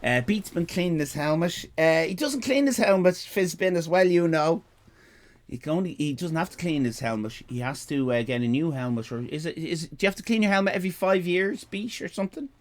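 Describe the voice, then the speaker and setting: Here a lively, slightly fast voice on the higher side belongs to a fifty-something man from Ireland. He's casually chatting on a live stream, wandering off into rambles, saying things twice, and kidding around with viewers in the chat.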